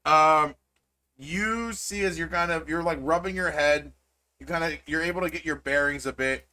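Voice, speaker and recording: A man's voice: a little high, moderate pace, sharp tone. A man narrating as game master in a tabletop game, rambling and full of fillers.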